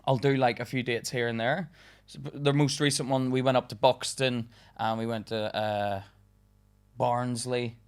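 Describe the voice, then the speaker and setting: A man's voice: mid-range voice, steady tone, normal speed, clear, resonant tone. A young man, a stand-up comedian, chatting casually as a podcast guest, laughing often and full of fillers.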